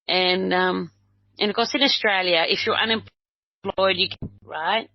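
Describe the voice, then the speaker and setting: With a steady tone and unhurried pace, an older woman from Uruguay who works as a medium and healer shares a personal story in a mid-range voice as an interview guest. Her telling wanders, with frequent restarts and acted-out dialogue, captured on a dull, lo-fi recording free of room sound.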